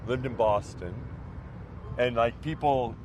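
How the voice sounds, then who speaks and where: A talkative man from New Orleans chatting on a podcast, his voice at an ordinary middle pitch. He explains his ideas at length, and clear background noise sits behind him. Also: takes it slowly. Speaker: podcast guest. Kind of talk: casual chat.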